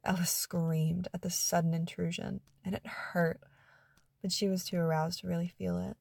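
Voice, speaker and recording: A woman narrating an adult story in a soft, hushed, intimate reading. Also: on the low side, little pitch movement, normal speed, creaky, no echo.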